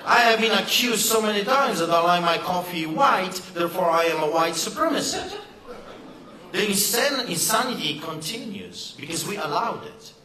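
A man's voice: high-pitched, lively intonation, normal speed, echoey room, crowd noise, poor audio. A man giving an impassioned, emphatic rally speech with a sarcastic edge. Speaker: rally speaker. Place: event hall.

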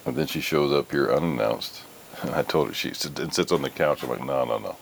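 A man's voice: extremely low pitch, a little fast, gravelly, a little hiss or hum. A middle-aged man hosting a podcast, telling stories in blunt, profane casual chat. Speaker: podcast host.

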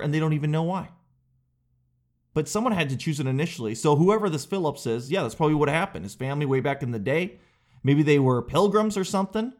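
A young adult man, a comedian hosting a podcast, riffing casually and rambling, often slipping into quick exaggerated impressions. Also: fairly high pitch, darkish tone.

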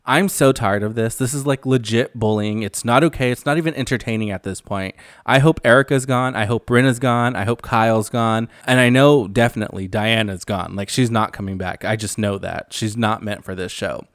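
A man's voice: on the low side, normal speed, hardly any pauses, no echo, studio quality. A man hosting a casual recap podcast, talking in a blunt, sassy way and swearing freely. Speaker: podcast host.

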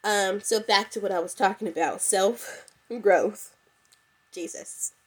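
A woman's voice: medium pitch, unhurried, husky. Chatty young woman with a stuffy nose. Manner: chatty, addresses listeners as "y'all". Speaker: podcast host. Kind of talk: casual solo podcast talk. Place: at home.

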